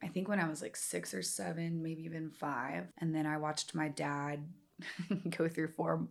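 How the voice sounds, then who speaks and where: A woman's voice: low-pitched, fairly even intonation, unhurried, creaky. A young woman, a yoga trainer, telling her story candidly as a podcast guest, rambling with lots of fillers. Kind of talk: casual interview storytelling.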